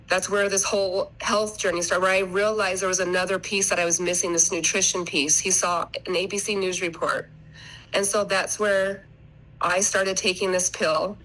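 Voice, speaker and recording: A woman's voice: mid-range voice, fairly bright tone, low-quality recording. A middle-aged woman guest on a podcast, telling her family story in an earnest, rambling way and often restarting her sentences. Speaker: podcast guest, mother of three. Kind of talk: casual interview storytelling.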